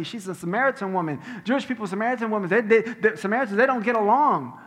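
Pastor guy preaching into a headset mic, fairly high voice, big echoey church hall. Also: lively intonation. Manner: emphatic preaching, drops to soft slow tones for quotes. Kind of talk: sermon. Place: church sanctuary. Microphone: head-worn microphone. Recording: long hall reverb.

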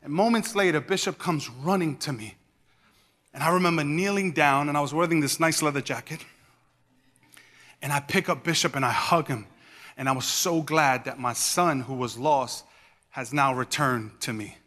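A man in his thirties preaching a sermon as a pastor, telling a personal story in a lively, conversational way and talking straight to the congregation. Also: fairly high pitch, moderate pace, in a large hall.

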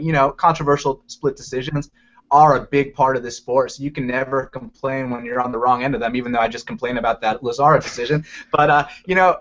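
A man co-hosting a casual fight-picks chat, talking with energetic, playful emphasis. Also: a little high. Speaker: MMA podcast co-host. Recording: lo-fi muffled audio.

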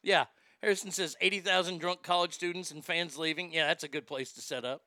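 A man's voice: a little high, steady tone, fairly quick, bright, forceful tone, no echo, clean studio sound. A man hosting a talk show, ranting bluntly and sarcastically with plenty of profanity, and reading listener comments aloud. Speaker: radio talk show host.

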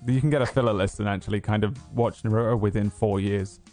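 A man's voice: lowish voice, fairly even intonation, fast talker, mellow, soft background music. A man hosting a tabletop game stream, feeling unwell, rambling and joking with many fillers. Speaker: game master and host. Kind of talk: casual chat opening a tabletop game stream.

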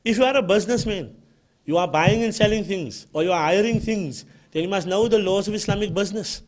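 Cape town guy giving a religious talk, high voice, hammers points home by repeating them. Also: a little fast. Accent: Cape Town South African. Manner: emphatic, repeats key points. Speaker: Islamic lecturer. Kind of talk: religious lecture.

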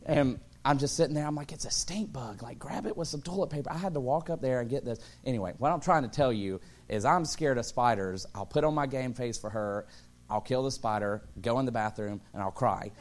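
A thirty-something pastor speaks fairly quickly at medium pitch through a sermon of comic personal anecdotes. He voices the characters and climbs into excited shouts.

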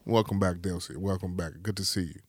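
A man's voice: sits low, steady tone, fairly quick, heavy background noise. A man hosting a casual podcast, asking his guests questions and tossing in catchphrases. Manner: loose, asks questions, shouts catchphrases. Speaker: podcast host.

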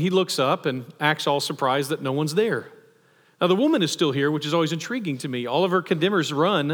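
A man with a fairly high, bright voice preaches a sermon conversationally, posing rhetorical questions and tossing in emphatic asides. The recording carries the long reverb of a hall.

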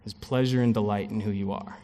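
A man's voice: on the low side, a little fast. Man preaching in a reverberant church hall. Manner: conversational, animated preaching with frequent asides and light laughs. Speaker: pastor. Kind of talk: sermon.

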